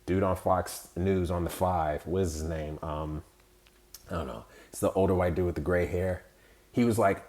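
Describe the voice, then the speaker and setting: A man's voice: sits low, normal speed, a little mellow. A man hosting a podcast, giving heated, profane, rambling political commentary with mocking quoted voices. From United States. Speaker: podcast host.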